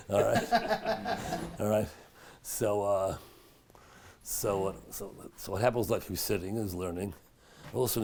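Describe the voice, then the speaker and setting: A middle-aged rabbi with a low, gravelly voice teaches a Torah class in a synagogue study hall. He talks chattily, weaving in anecdotes. At dramatic moments in his stories he sinks to a hushed tone. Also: slight background noise. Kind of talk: storytelling Torah lecture.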